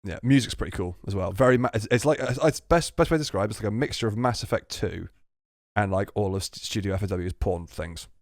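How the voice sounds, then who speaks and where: A man's voice: lowish voice, quick pace, dry recording, clean studio sound. A man co-hosting a podcast, rambling and swearing, often restarting his sentences. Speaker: podcast co-host. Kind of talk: casual chat.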